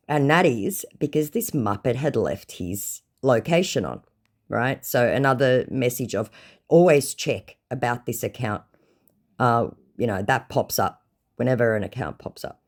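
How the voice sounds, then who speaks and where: A woman's voice: very deep voice, lively intonation, measured pace. A woman telling a story about a scam chat in a casual, sarcastic and mocking way. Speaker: scam-baiting content creator.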